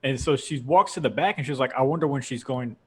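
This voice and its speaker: A man's voice: mid-range voice, fast talker, darkish tone, husky. Laid-back young man retelling a game. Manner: rambling storytelling, laughs often. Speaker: podcast host. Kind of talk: casual chat.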